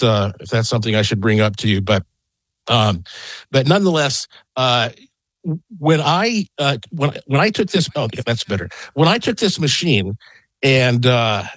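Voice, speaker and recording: A middle-aged man, a guest on a call-in radio interview, telling an excited, rambling story from his home. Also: medium pitch, no echo. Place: home in Las Vegas.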